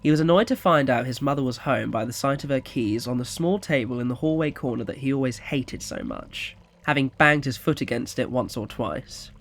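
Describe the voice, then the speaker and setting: A man narrating an audio story in a quiet, even storytelling manner. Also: medium pitch, fairly quick, few pauses.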